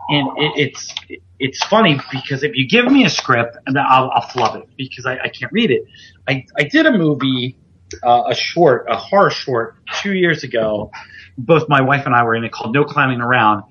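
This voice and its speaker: A man's voice: mid-range voice, expressive, normal speed, a bit bright, dull audio, slight background noise. A man, a veteran pro wrestler hosting a podcast, talking casually in a rambling, self-deprecating way with restarts. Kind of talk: casual chat.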